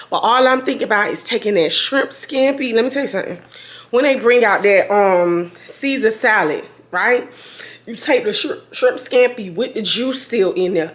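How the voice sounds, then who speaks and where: A woman, chatting casually to camera as a vlogger in a rambling way full of slang, her voice a little hoarse. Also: medium pitch, a bit bright. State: slightly hoarse after being sick.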